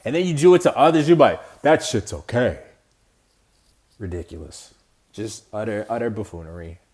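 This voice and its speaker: A man's voice: on the low side, sing-song, quick pace, darkish tone. A man hosting a podcast, ranting about politics in a heated, exasperated way with casual slang and swearing. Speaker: podcast host. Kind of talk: solo political rant.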